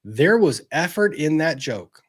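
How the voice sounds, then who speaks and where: A man hosting a livestream, chatting casually and gently as he answers viewer messages, with plenty of fillers and restarts. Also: a little high, big pitch swings, unhurried, breathy edge.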